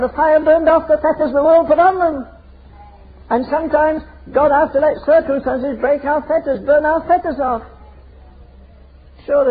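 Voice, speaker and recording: An older man preaching a fiery, emphatic sermon full of rhetorical questions. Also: very high voice. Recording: tinny phone-like sermon recording.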